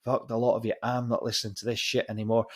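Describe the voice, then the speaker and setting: A man's voice: medium pitch, level tone, quick pace, voice pushed up, lightly acted. A man doing his furious swearing dad. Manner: shouting and swearing. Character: furious drunk middle-aged father storming out.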